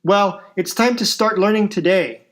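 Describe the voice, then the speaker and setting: A man's voice: sits high, moderate pace, a bit bright. A man voicing a commanding middle-aged restaurant owner in a story he reads aloud.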